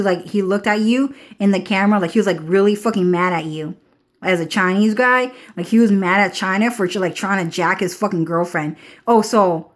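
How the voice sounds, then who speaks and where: A woman in a rambling casual monologue to viewers. She swears freely and often checks in with "okay?". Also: medium pitch.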